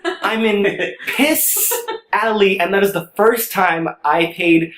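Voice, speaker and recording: A young man casually telling a funny travel story to camera, animated and exasperated, with comic emphasis. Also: high-pitched, slow pace. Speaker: storyteller vlogger. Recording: roomy room with faint background music.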